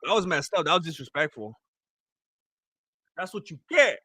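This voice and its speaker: A man's voice: a little high, big pitch swings, normal speed, pushed and bright, breathy edge, no echo. Man, casual fight commentary, jokey and rambling, dry close sound. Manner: joking, rambling, repeats himself. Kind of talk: casual live fight watch-along commentary.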